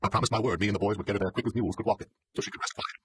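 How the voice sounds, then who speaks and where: A man's voice: on the low side, fairly even intonation, rapid-fire, fairly bright tone, a little hiss or hum, voice pushed up, lightly acted. A man reading an audiobook and voicing a toothless, self-pitying old farmer who speaks in a plaintive drawl.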